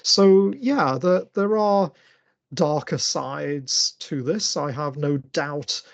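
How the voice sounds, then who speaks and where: Gravelly-voiced man lecturing on a video call. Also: on the high side, slow pace. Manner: thoughtful, many fillers and restarts. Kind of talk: online masterclass talk and Q&A.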